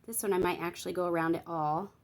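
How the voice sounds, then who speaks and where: A woman's voice: fairly low pitch, steady tone, fast talker, darkish tone. A woman giving a casual tutorial on Bible journaling, chatting and thinking aloud while she works, explaining each step and checking in with her viewers.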